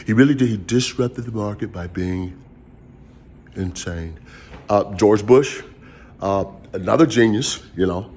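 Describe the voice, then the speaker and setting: Husky man rambling through a story. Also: on the low side, measured pace, long pauses. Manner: rambling, animated, acts out his own lines. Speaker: vlogger telling a personal story. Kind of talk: casual storytelling monologue.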